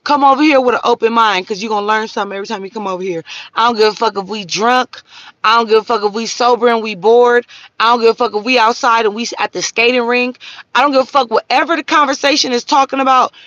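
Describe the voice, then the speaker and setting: A woman's voice: fairly high pitch, fairly even intonation, fast talker, fairly bright tone, no echo, dull audio. A woman, hosting a live stream and ranting profanely at her viewers. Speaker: livestream host.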